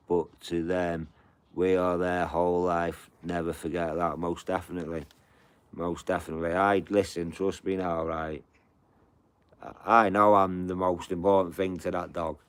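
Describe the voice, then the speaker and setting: A man's voice: deep voice, clear, resonant tone. A middle-aged man, rambling and swearing through a casual live chat with his viewers from home, padding every line with "you know". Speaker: live streamer.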